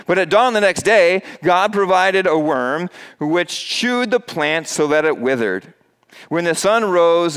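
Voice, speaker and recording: A pastor delivers a sermon to his congregation in a church with a screen behind him, his voice smooth, resonant, fairly bright, and set a little high. He preaches conversationally, stumbling over a word now and then, filling pauses with "uh," restarting, and acting out quoted voices in a raised pitch.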